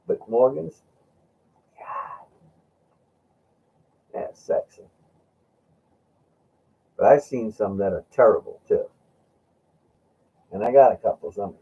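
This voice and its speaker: Husky man telling rambling stories. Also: on the low side, slow, long pauses. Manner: rambling, laughing, acts out friend's lines. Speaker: host. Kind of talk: casual storytelling chat. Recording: dull lo-fi sound.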